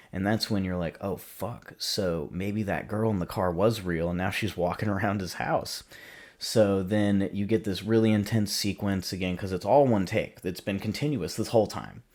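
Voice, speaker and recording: A man with a low, deep voice recaps a film for his podcast in a loose, casual ramble. He keeps circling back and restarting as he goes. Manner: rambling, filler-heavy retelling with restarts. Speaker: podcast host.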